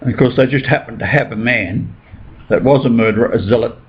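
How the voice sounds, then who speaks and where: A man's voice: medium pitch, quick pace. A man talking in a rambling, insistent way during a casual conversation. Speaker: speaker with religious claims. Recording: dull lo-fi recording with faint noise.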